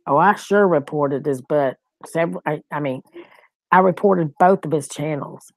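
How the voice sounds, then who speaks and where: Woman stream co-host, low-pitched, dry close sound, laughing and chatty. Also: moderate pace, dry recording. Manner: chatty, laughing, talks straight to viewers. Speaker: livestream co-host. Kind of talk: casual live-chat talk.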